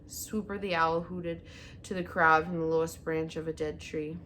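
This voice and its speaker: A woman reading a children's novel aloud as narrator, with an expressive, animated delivery. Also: deep voice, normal speed, a little hiss or hum. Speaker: audiobook reader. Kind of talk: storybook read-aloud narration.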